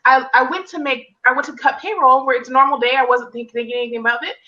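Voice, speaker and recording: A woman telling a personal story in casual conversation, acting out quoted lines. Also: quick pace. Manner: animated storyteller, acts out quotes in higher pitch. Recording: distant mic, dull lo-fi sound.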